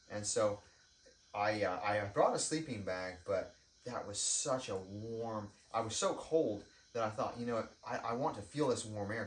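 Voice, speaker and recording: A man giving an informal sermon, telling a story with ums and restarts, then leading a prayer. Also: on the low side. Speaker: preacher. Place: church prayer room. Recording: echoey room, mic at a distance.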